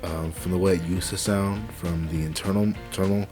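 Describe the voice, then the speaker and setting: A young man quietly commenting on a truck driving game at home at night, rambling with lots of fillers and restarts on a cheap desk microphone. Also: sits low, steady tone, moderate pace, music in the background. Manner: hushed, quiet talking to avoid waking family. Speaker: let's play gamer. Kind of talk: casual gameplay commentary.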